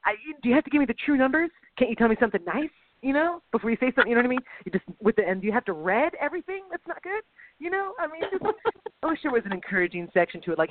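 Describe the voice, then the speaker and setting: A woman's voice: a little high, racing. Chatty woman over a phone line. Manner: chatty, animated, self-deprecating. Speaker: podcast co-host. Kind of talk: casual chat. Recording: dry, tinny phone line.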